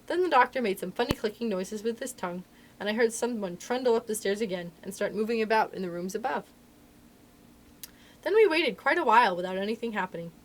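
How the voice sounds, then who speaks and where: A woman reading a children's novel aloud for a library storytime, with expressive, animated storytelling. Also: mid-range voice, brisk.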